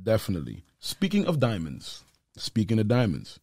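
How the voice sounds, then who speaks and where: A man's voice: lowish voice, huge pitch swings, normal speed, dark tone, breathy edge, dry recording, clean studio sound. A man co-hosting a casual gossip chat, laid-back and joking, with sarcastic asides. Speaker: co-host of celebrity gossip show.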